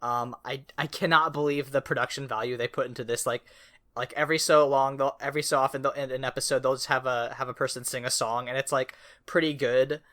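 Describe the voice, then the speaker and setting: Bright-voiced man, rambling podcast chat. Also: mid-range voice, fairly even intonation, fast. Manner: rambling, many fillers and restarts, laughs often. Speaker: podcast co-host. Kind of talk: casual chat.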